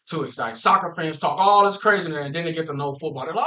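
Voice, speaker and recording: A man from Minnesota hosting a casual football talk stream, animated and playful, laughing often and using slang. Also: a little high, a little fast, rough recording. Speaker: football talk show host. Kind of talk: casual livestream chat.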